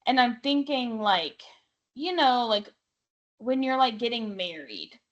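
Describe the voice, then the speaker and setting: A woman's voice: fairly high pitch, lively intonation, slow, dull audio. A woman co-hosting a pop culture podcast, thinking aloud in casual chat with lots of fillers. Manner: thinks aloud, searching for comparisons. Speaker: podcast co-host.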